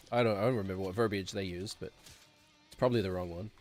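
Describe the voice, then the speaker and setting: A man's voice: on the low side, fast, dry recording, faint music behind. Rambling sarcastic male game streamer. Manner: rambling, sarcastic, chuckles often. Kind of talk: casual gameplay commentary.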